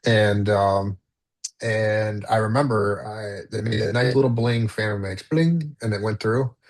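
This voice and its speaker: Male guest, lower-pitched voice, loose rambling storyteller with many fillers and restarts. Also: fairly even intonation, measured pace. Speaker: podcast guest. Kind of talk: casual storytelling in conversation.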